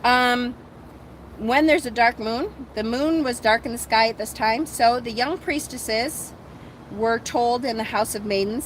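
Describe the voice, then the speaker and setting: A woman with a slightly high voice and a measured pace reads book passages aloud outdoors on sand, hosting a casual discussion. Her comments are chatty, animated, and filler-heavy, captured in a rough recording with slight background noise.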